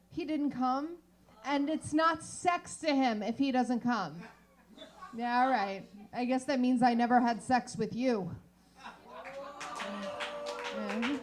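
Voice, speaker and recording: A woman doing brash, crude stand-up in a bar, teasing the audience. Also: high voice. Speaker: stand-up comedian. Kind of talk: stand-up comedy. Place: bar comedy stage.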